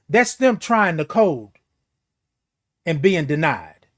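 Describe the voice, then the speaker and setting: A man delivers a motivational morning talk in a high voice that leaps up and down in pitch. He preaches in repeated phrases and throws in playful beeping noises. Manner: preachy, repetitive, makes beeping sounds. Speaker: host. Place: seated in a chair.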